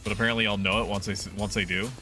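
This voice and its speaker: A man's voice: fairly low pitch, flat delivery, very fast, bright, forceful tone, soft background music. A man streaming a video game with casual commentary, chatty and crude.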